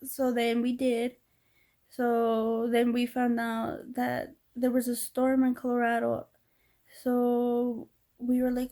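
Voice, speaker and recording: A woman's voice: on the high side, monotone, takes it slowly, mellow. A woman telling a heartfelt personal story in a vlog, emotional and teary as she talks to her viewers. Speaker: vlogger.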